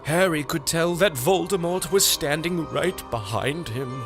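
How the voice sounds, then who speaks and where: A man narrating a comic nonsense story with a slow, deadpan delivery. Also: fairly high pitch, soft background music. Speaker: audiobook narrator.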